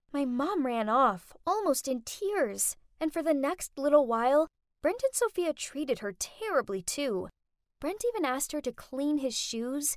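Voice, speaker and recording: Woman storyteller, high and lively, dramatic scripted narration, dry close sound. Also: measured pace, no echo. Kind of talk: scripted first-person narration.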